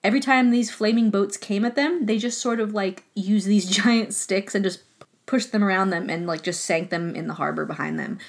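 A woman's voice: medium pitch, moderate pace. A woman hosting a podcast, telling a history story in a casual, chatty way, full of filler words and swearing. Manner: chatty and profane, heavy use of filler words. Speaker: podcast host.

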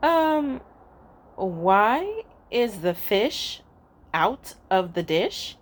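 A woman's voice: medium pitch, big pitch swings, very slow, exaggerated voice. A woman voicing a puzzled, mildly scolding pet owner in a storybook reading.

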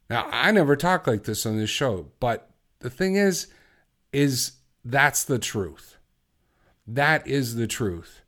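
A man hosting a solo podcast, talking bluntly and exhorting his listeners, moving from quiet reflection to fervent conviction. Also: mid-range voice, animated, takes it slowly. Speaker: podcast host. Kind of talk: impassioned solo podcast talk.

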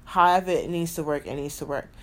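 A woman's voice: sits low, quick pace. A woman hosting a podcast in a casual motivational monologue, emphatic, repeating her key phrases and swearing freely. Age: adult with a son. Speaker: podcast host.

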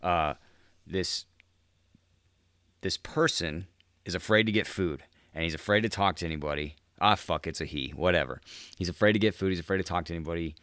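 A man's voice: deep voice, fairly quick, a bit bright, no room sound, studio quality. A young man hosting a podcast, telling a story in a loose, profane, laid-back way, full of "dude" and laughter. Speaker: podcast host. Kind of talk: casual podcast monologue.

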